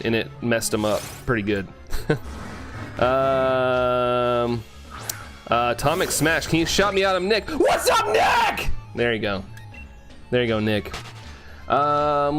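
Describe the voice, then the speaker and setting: Male streamer, mid-pitched, upbeat, quick and slurry at times, faint music behind. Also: fairly bright tone. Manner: greets viewers and answers chat, upbeat; talks fast, sometimes slurs and trips over words. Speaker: live streamer. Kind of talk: casual live-stream chat.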